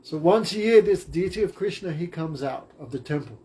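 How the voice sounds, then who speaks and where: A man's voice: on the high side, animated, fairly quick, dark tone. A man teaching a class, retelling a story in simple, short phrases.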